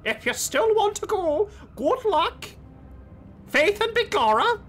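A man's voice: very high-pitched, big pitch swings, slow pace, a bit bright, faint music behind, pitched above the performer's own voice, full character voice. A man voicing a blunt, weary woman survivor in a game, with an exaggerated put-on Irish brogue.

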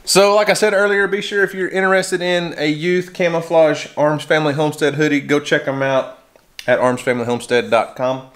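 A man's voice: a little high, little pitch movement, a little fast, fairly bright tone. A middle-aged man with an Oklahoman accent, chatting easygoingly as a homesteading vlog host at his dinner table, picked up by a camera-mounted shotgun mic. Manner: easygoing, folksy, chuckles at his own jokes. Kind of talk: casual family vlog chat. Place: indoors at a home dinner table.

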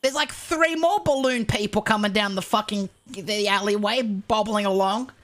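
A woman playing a brash young male outlaw, cursing through an animated roleplay story. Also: mid-range voice, moderate pace, close to an everyday voice. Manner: swears constantly, animated storytelling. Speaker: roleplay streamer.

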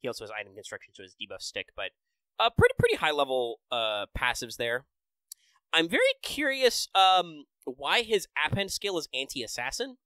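A man's voice: on the high side, sing-song, moderate pace, sharp tone, no room sound, poor audio. A man hosting a casual podcast, enthusiastically breaking down game details with many fillers. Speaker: podcast host. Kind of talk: casual podcast chat about a mobile game.

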